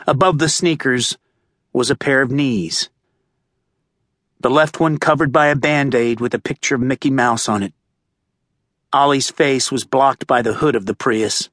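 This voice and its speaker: A male audiobook narrator reading a thriller in a tense, measured way, close to the mic. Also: medium pitch, expressive, a bit bright, no room sound. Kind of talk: scripted narration. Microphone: close studio mic. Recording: dry close-miked studio.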